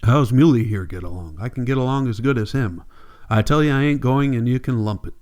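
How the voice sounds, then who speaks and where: A man reading the part of a stubborn, cranky old grandfather farmer with a gruff, defiant rural drawl. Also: medium pitch, brisk, a little mellow, lightly acted.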